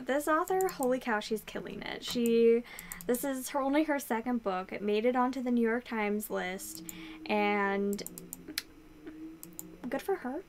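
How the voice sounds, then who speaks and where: Chatty young woman with a high voice. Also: a bit bright. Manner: chatty, lots of "like" fillers. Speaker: book vlogger. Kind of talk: casual book review chat.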